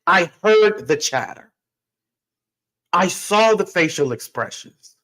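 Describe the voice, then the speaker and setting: Podcast guy telling his story, kinda high voice, repeats himself for emphasis, talks right at you. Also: expressive, slow pace, fairly bright tone, rough recording. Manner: emphatic, repeats phrases, talks straight to listeners. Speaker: podcast host. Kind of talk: storytelling monologue.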